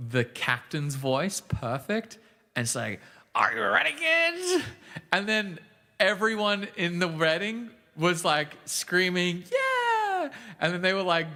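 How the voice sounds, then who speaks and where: Chatty male guitar streamer, reverby. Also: a little high. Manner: loose and chatty, talks to viewers by name. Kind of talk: casual live-stream chat between songs. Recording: long reverb with loud guitar playing. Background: loud acoustic guitar.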